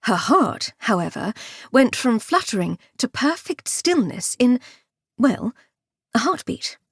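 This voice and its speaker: A woman narrating an audiobook with expressive, wry comic storytelling. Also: fairly high pitch, slow pace, vocal fry, breathy edge, no echo, clean studio sound. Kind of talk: scripted narration.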